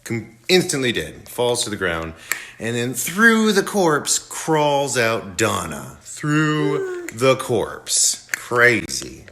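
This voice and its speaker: A man retelling a movie plot in a casual, animated way as a movie reviewer. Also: lowish voice, slow, a little hiss or hum. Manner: animated storytelling.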